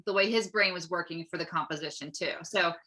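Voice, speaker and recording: Woman, potter, video call chat, friendly, bright tone. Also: on the low side, brisk. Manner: friendly, laughs often.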